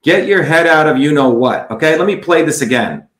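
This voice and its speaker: A man with a fairly high voice rails at critics in a combative campaign livestream. He talks bluntly and with scorn, answering viewer comments one by one. The sound is roomy and echoey. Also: animated, fairly quick, fairly bright tone. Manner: blunt, scornful, repeats "okay?". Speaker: political candidate livestreaming.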